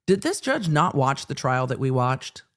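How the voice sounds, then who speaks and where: Animated woman ranting on legal commentary. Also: rumbling low, moderate pace. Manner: animated ranting with profanity and acted asides. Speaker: host. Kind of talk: live legal commentary stream.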